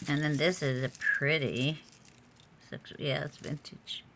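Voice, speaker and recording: A woman's voice: low-pitched, fairly even intonation, takes it slowly, background noise. A woman selling jewelry in a casual vlog from a room at home, chatty and muttering to herself with frequent exclamations. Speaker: online jewelry seller. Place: home room with door open.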